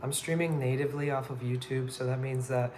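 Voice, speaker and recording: A relaxed man livestreams from his phone while he works, talking loosely and circling back on himself with plenty of "like" and "kinda crazy." His voice sits at an ordinary middle pitch, with a soft hum of background noise underneath. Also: brisk. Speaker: livestreaming artist. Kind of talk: casual live-stream chat while working.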